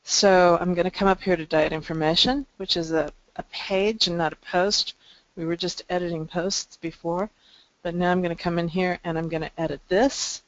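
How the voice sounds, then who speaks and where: A woman presenting a webinar, walking through a software demo with ums and restarts. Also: lowish voice, steady tone, normal speed, dry recording. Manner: explanatory, frequent ums and restarts. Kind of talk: screen-share software demo. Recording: dry, dull lo-fi call audio.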